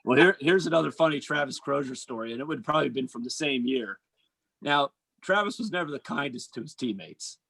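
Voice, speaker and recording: A man, a basketball coach and former college player, telling stories in an animated, casual chat. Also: medium pitch, vocal fry, husky, no echo, poor audio. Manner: animated storyteller, quick asides and restarts.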